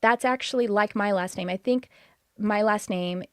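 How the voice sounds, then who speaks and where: A woman's voice: medium pitch, moderate pace, fairly bright tone, dry recording, clean studio sound. A woman from Texas with a Texas accent, hosting a live-streamed podcast, greeting viewers and talking about her courses with enthusiasm. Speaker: podcast host.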